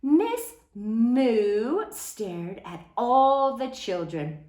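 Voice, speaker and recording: A woman reading a children's picture book aloud in an expressive, sing-song way. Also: on the high side, extremely slow. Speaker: storyteller. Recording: roomy echo.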